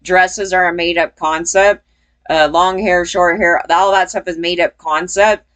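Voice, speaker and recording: A woman's voice: fairly low pitch, steady tone, unhurried, fairly bright tone. A woman giving casual opinion commentary as a vlogger, blunt and profane, rambling and laughing between points.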